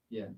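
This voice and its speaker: Man, American accent, casual English tutor, encouraging, mellow tone, slightly distant mic. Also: lo-fi sound. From United States. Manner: encouraging, laughs often, corrects pronunciation. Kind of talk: live language exchange lesson.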